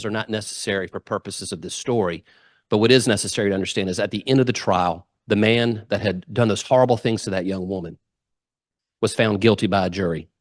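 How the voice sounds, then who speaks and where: A man's voice: lowish voice, no echo, clean studio sound. A middle-aged man, giving a humorous storytelling speech and acting out the quotes. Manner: lively anecdotal storyteller, acts out quotes. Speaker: guest speaker. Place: club meeting room.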